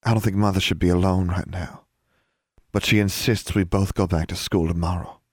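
A man voicing a gentle, sad teenage witch girl in an audiobook, speaking softly and murmuring. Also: sits low, steady tone, normal speed, breathy edge, dry recording, clean studio sound. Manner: soft, murmuring. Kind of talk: audiobook character voice.

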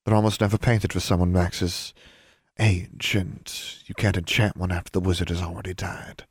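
A man voicing a gentle, sad teenage witch girl in an audiobook, speaking softly and murmuring. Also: deep voice, fairly even intonation, moderate pace, breathy edge, no room sound, clean studio sound. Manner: soft, murmuring. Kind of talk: audiobook character voice.

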